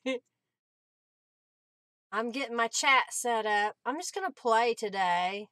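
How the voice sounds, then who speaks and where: A woman's voice: a little high, slow, pushed and bright, dry recording. A woman hosting a casual crafting livestream, chatting, laughing often and greeting viewers by name. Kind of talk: casual live-stream chat while crafting.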